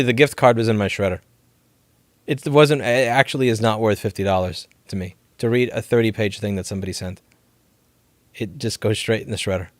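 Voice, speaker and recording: A man's voice: mid-range voice, no room sound, studio quality. A man hosting a casual live question-and-answer stream from his repair shop, talking animatedly, swearing and laughing often. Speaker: livestream host.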